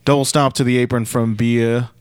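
A man's voice: medium pitch, little pitch movement, normal speed, clear, resonant tone, dry recording. A young man co-hosting a podcast, recapping wrestling matches move by move and adding dry asides. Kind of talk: casual recap chat.

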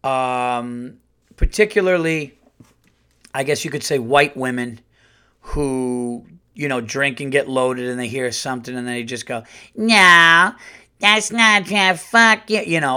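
A middle-aged male comedian hosting a podcast, telling an exasperated story in a casual, animated way and acting out the quotes. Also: mid-range voice. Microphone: podcast studio mic.

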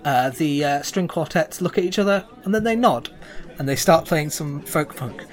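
A man's voice: on the high side, expressive, moderate pace. A man running a tabletop game as game master, narrating in a chatty, loose way with many fillers.

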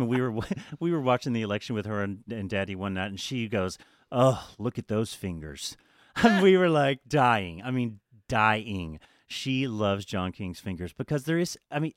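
A man co-hosts a casual podcast chat, lively and a little profane. His voice sits in an ordinary middle pitch. The recording is close and dry, with no room sound. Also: brisk, dry recording. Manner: animated, swearing, laughs often. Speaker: podcast co-host.

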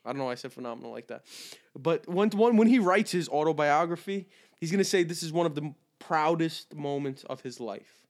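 A man's voice: fairly high pitch, animated, a little fast. A young man co-hosting a podcast in casual chat, joking, swearing and laughing often. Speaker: podcast co-host.

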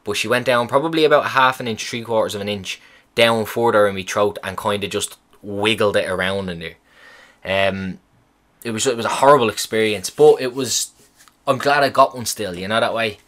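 A young man rambles through a story in a casual chat. His voice sits a little low, and he swears freely as he retells events with animated emphasis. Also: normal speed. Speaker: vlogger.

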